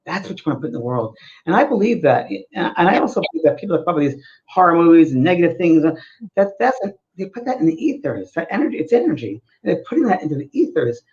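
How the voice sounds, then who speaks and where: Man, co-host, earnest storyteller, somewhat high voice, dull lo-fi recording. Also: sing-song, fast talker, darkish tone. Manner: earnest, storytelling, repeats for emphasis. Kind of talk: casual spiritual talk show. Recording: dull, lo-fi sound.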